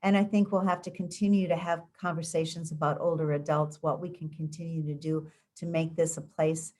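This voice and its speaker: Low-voiced woman explaining school programs. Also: little pitch movement, a little fast, darkish tone. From United States. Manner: conversational, frequent ums and restarts. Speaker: school district education official. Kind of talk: community interview answers.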